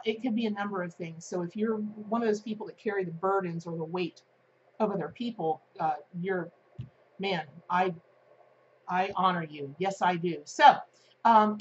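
A woman's voice: medium pitch, darkish tone. A woman gives a casual spiritual tarot talk straight to her viewers. She is earnest and encouraging, and she rambles with fillers and restarts. The recording is a little muffled, with a faint hiss underneath. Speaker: tarot reader and channel host.

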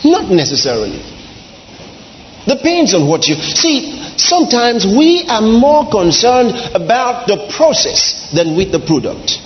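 A male pastor preaching a sermon, dramatic, swinging between soft drawn-out lines and shouts. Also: high voice, sing-song, a little hiss or hum. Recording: dull lo-fi sound in a large reverberant hall.

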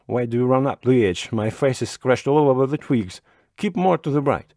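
A man reading a story aloud voices an angry, self-important middle-aged postman who shouts in a tearful, furious voice. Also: fairly low pitch, normal speed, no room sound, studio quality, natural voice. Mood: irritated.

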